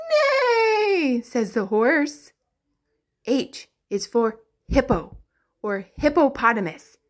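A woman teaching the alphabet to toddlers in a slow, sing-song, exaggerated way, with playful animal sounds. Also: fairly high pitch. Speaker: children's educator.

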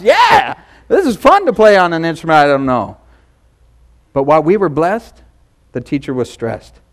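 High-voiced man preaching, playful and jokey. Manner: jokey storytelling, acts out sounds and voices. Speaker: pastor. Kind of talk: sermon. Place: church hall.

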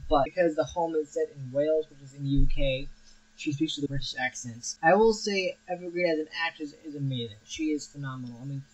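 A young man with a slightly higher voice reviews a movie in a loose, unscripted monologue. He keeps restarting his sentences and leaning on fillers as he goes. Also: brisk, low-quality recording. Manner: rambling, many restarts and fillers. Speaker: film review host. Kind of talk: casual film review monologue.

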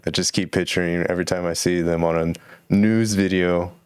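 A man's voice: deep voice, fairly even intonation, moderate pace, smooth, no echo, clean studio sound. A man hosting a solo podcast, musing and rambling casually about current events. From Texas. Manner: rambling, musing, laid-back. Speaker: podcast host.

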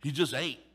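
A middle-aged man preaching a sermon in a church, joking and animated, with playful acted asides. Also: mid-range voice, breathy edge. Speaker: pastor. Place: church sanctuary. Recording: long reverb of a large hall.

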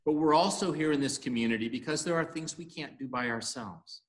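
A man leading worship, telling a story for all ages with animated storytelling, in an echoey room. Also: a little high, fairly quick.

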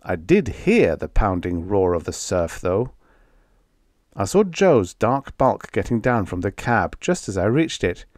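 A man reading a vintage science fiction story aloud as scripted first-person narration, with expressive, unhurried storytelling. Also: lowish voice, no echo, clean studio sound. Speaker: audiobook narrator.

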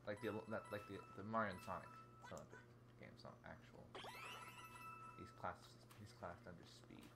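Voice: low-pitched, moderate pace, creaky, very noisy. A gamer chatting casually at home while playing a video game, rambling and playful, now and then slipping into silly sing-song bits. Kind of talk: casual let's-play commentary. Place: home, sitting on the floor by the TV.

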